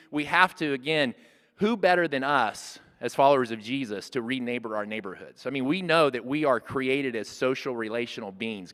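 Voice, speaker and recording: A man in his sixties teaches in an earnest, plain-spoken way, sometimes restarting a phrase mid-thought. His voice sits at a middle pitch for a man. A long hall reverb trails after his words. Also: fairly bright tone, smooth. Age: 60s. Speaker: church workshop speaker. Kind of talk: conversational teaching talk.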